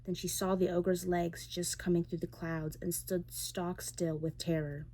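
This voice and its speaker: A woman reading a fairy tale aloud in a soft, gentle bedtime manner as a whispered role-play ASMR storyteller, close to the microphone. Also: lowish voice, little pitch movement, unhurried.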